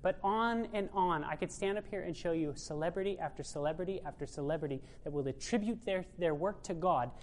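A woman's voice: lowish voice, brisk, few pauses, slight background noise. A woman giving a sermon-style talk to a congregation, emphatic and full of rhetorical questions. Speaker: speaker at a church presentation.

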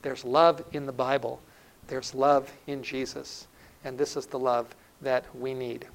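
A middle-aged male preacher giving a sermon in an earnest way, building up loudly and then dropping to a hushed, intimate tone. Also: mid-range voice, little pitch movement, measured pace, creaky, slight background noise, low-quality recording. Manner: earnest, swells loud then drops to a hushed tone.

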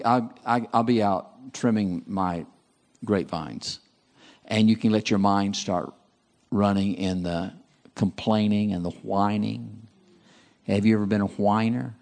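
A man preaching at a seminar, reading passages aloud and asking his listeners questions. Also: lowish voice. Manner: lively, asks the audience questions. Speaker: seminar speaker. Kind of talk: sermon.

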